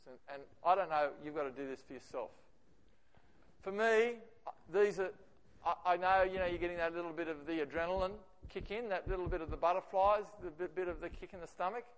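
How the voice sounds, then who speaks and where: A man with an Australian accent giving a lively, conversational presentation to teachers. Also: on the high side. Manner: animated, acts out quoted remarks. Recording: reverberant hall.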